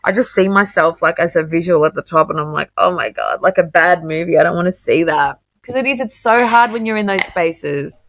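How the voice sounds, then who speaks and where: A woman hosting a podcast in a casual, candid chat. She is earnest and open and quotes herself in lively voices. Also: on the low side, fairly quick, few pauses, no echo. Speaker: podcast host.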